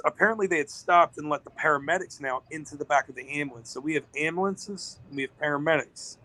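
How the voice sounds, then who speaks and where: A man's voice: medium pitch, fairly bright tone, no echo, low-quality recording. A man, a business-owner guest on a podcast, telling a long story in an emotional, rambling way.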